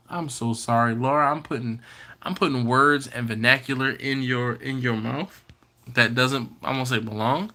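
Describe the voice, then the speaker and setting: A man's voice: mid-range voice, normal speed, pushed and bright. A man hosting a live barbecue stream, chatting casually and reading out viewer comments with playful teasing. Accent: Maryland. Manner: chatty, reads out viewer comments and teases them. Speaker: BBQ channel host. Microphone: computer or phone setup.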